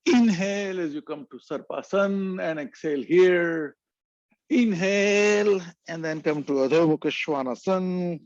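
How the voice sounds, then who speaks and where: A man leading a yoga class, calmly cueing breath and poses and chanting short mantras. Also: sits high, measured pace, dry recording, dull audio. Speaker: yoga instructor. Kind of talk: guided yoga instruction.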